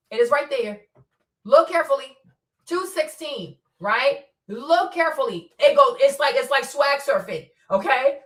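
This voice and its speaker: A woman's voice: sits high, echoey room, far from the mic. A woman streamer commenting on footage in a casual, insistent way, repeating herself as she points out details step by step.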